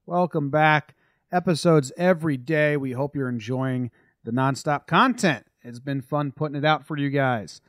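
A man co-hosting a sports podcast in a loose, jokey way. He talks in a fairly high voice that sometimes sinks to a mumble, close to a dry mic. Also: normal speed, no echo. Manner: jokey, animated, drops to mumbles. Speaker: podcast co-host. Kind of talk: casual sports podcast chat.

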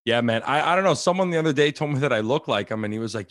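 A man's voice: medium pitch, animated, rapid-fire, no room sound. Laid-back male comedian on a dry line. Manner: laid-back, storytelling with many fillers. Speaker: comedian guest. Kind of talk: casual interview chat. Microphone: phone line.

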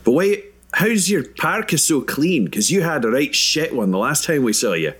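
A man's voice: a little high, big pitch swings, normal speed, fairly bright tone, slightly rough. A man speaking in character in a tabletop game, blunt and questioning with casual swearing. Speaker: player.

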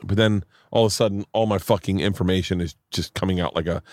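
A man's voice: deep voice, steady tone, fast talker, darkish tone, no room sound, clean studio sound. A man hosting a podcast outdoors, rambling and oversharing in casual chat, swearing freely. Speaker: podcast host.

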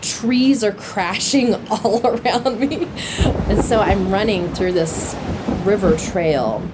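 A woman telling a personal story in a casual, lively way, laughing now and then and acting out what was said. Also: mid-range voice, slow pace, heavy background noise. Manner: lively, laughs while telling, acts out quotes. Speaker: interviewee telling a hiking story.

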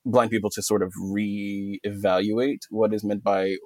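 A man in his thirties from Texas, a podcast guest talking in a relaxed, self-deprecating way, with no regional accent. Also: lowish voice, measured pace, no echo. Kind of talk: casual interview chat.

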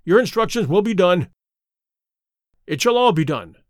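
A man voicing a fierce elderly male horse trainer who blusters loudly, with a lively, dry-sounding voice. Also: high voice, normal speed, no echo. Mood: cowed pleading. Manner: gruff, loud and blustering.

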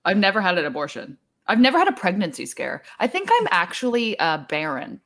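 Female co-host with a New Jersey accent, teasing and giggly, expressive pitch moves. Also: a little fast. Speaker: podcast co-host. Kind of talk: crude comedic banter.

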